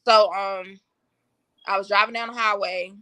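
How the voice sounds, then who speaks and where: A woman's voice: medium pitch, fairly even intonation, measured pace, bright, forceful tone, smooth. A woman guest on a podcast, candidly recounting a personal story in blunt, slangy, matter-of-fact talk.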